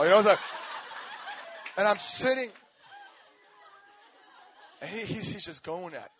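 A young pastor preaches a sermon built on his own testimony, animated and full of slang, acting out voices and lurching between laughter and shouting. His voice is high-pitched and moves at a normal speed with long pauses, over a faint hiss or hum.

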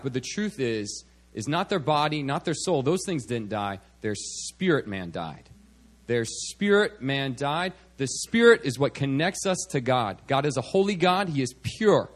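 A man's voice: mid-range voice, expressive, normal speed. A man preaching a sermon at a church service, speaking conversationally and often checking in with "okay" and "all right".

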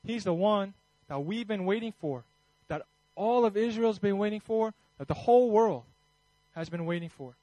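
A man's voice: high voice, animated, moderate pace, warm tone, dry recording, rough recording. A man preaching a Christmas sermon in a conversational way, then leading a fervent prayer. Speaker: pastor.

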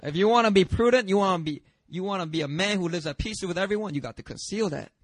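A pastor preaching a sermon in a lively, conversational way, with self-deprecating humor and chatty asides. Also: male voice, sits high, fast talker, no echo, clean studio sound.

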